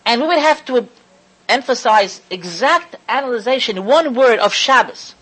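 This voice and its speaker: Husky-voiced woman giving a Torah lecture. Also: on the high side, animated, a bit bright, rough recording. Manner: emphatic, slows down to stress key words; repeats and restarts phrases while thinking aloud. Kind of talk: religious lecture to an audience.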